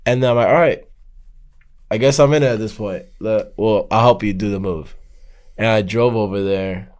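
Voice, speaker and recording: Guy rambling through a story on a podcast, lowish voice, does all the voices. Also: normal speed. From Miami. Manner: animated, acts out quoted dialogue. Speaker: podcast guest, artist. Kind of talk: casual storytelling.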